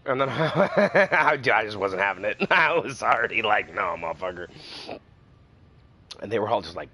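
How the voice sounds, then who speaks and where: Animated, swearing man telling stories. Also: fairly low pitch, moderate pace, breathy edge. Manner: animated storytelling, swears freely. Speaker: streamer. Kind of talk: casual chat on a live stream. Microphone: headset.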